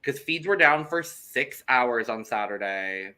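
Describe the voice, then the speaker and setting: A man's voice: medium pitch, lively intonation, measured pace, bright, forceful tone. A young man co-hosting a podcast in casual chat, talking loosely, with some swearing and repeated words. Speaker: podcast co-host.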